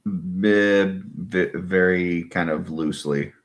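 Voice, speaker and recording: Deep-voiced man with dry jokes. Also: fairly even intonation, takes it slowly. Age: 40s. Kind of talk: casual chat.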